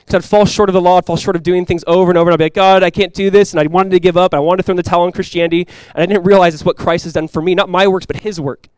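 A young man preaching a sermon as a pastor. He talks in a casual, conversational way with lots of "like," and swings from quiet, earnest lows to loud, excited highs. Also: racing, few pauses, clear, resonant tone, no room sound. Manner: casual and conversational, with many "like" fillers.

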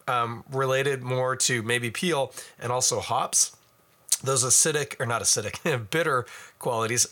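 A man's voice: mid-range voice, sharp tone. A man giving a casual, rambling beer tasting review full of asides.

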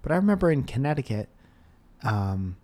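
A young man in a relaxed conversation, joking and asking questions in an easygoing way. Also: mid-range voice, fairly quick. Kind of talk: casual chat.

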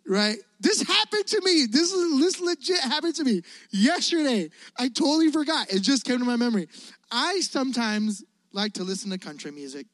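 A man's voice: high voice, normal speed, no echo. Male youth pastor, chatty storytelling sermon, dry sound. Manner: casual, energetic, asks the audience questions.

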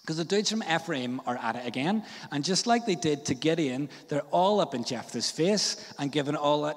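A man's voice: a little high, expressive, normal speed, few pauses, in a large hall. A man from Northern Ireland with a Northern Irish accent, preaching a sermon in a casual, jokey storytelling way with slang and fillers. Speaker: pastor. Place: church.

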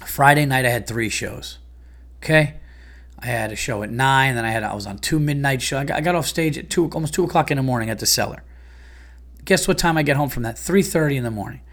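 A man's voice: medium pitch, quick pace, a bit bright. A comedian and podcast host ranting in a heated, profane, exasperated monologue about his day.

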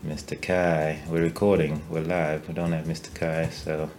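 A man hosting a casual podcast chat, halting often with fillers and restarts as he gathers his thoughts. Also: very deep voice, level tone, darkish tone, slight background noise. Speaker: podcast host.

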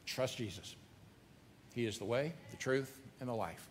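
A man preaching earnestly, talking to listeners as if in a personal chat and repeating key phrases to press them home. His voice sits at an ordinary pitch for a man. It rings with the long reverb of a hall over a faint hum of noise. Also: a little slow, long pauses. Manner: earnest, conversational preaching with repetition. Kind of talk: sermon.

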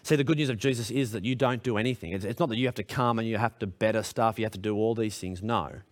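A man preaching a sermon to a congregation in a church hall, earnest and direct, putting questions to his listeners. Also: fast talker. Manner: earnest, direct questions to the congregation, pitch rising when emphatic. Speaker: pastor.

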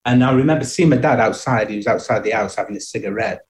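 A man's voice: fairly low pitch, quick pace, a little hiss or hum. A middle-aged man telling personal childhood stories in a reflective way, often chuckling and restarting his sentences. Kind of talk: personal storytelling.

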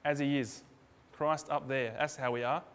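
A man's voice: medium pitch, steady tone, moderate pace, fairly bright tone, clean tone. A man preaching a sermon in a loose, conversational way, acting out little dialogues in different voices. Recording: hall reverb.

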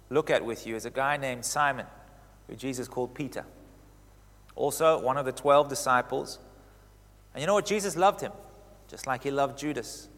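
A man preaching a sermon who gets animated, swinging in pitch and loudness as he drives his points home. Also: big-room sound.

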